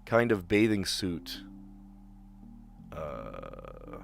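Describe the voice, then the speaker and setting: A man's voice: deep voice, wildly swooping pitch, extremely slow, gravelly, soft background music. A man casually thinking aloud as he reads puzzle clues and works through answers, with frequent restarts. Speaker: streamer playing word puzzles.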